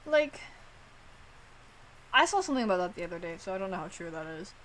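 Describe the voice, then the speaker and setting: A woman streamer chatting casually, animated and swearing, filling her talk with "like.". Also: on the low side, quick pace, slight background noise. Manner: animated, swearing, heavy use of "like".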